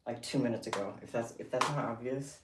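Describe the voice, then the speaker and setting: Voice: mid-range voice, brisk. A livestream host talking casually, out of breath and chatty, with a scattered, giggly way of talking. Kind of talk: casual live stream chat. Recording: roomy echo, distant mic, faint noise.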